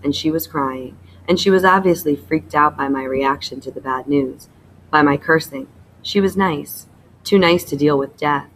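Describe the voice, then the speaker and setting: A woman teacher reading a novel aloud to her class in a plain, even manner, stopping to explain a writing task. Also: low voice, slight background noise, rough recording.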